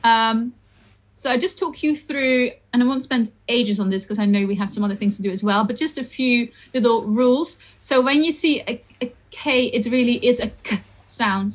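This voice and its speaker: A woman teaching the pronunciation of song lyrics in a chatty, informal way, sounding out each word slowly. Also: on the high side, rough recording. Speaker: singing and Dutch diction teacher. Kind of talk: lesson, talking through song pronunciation.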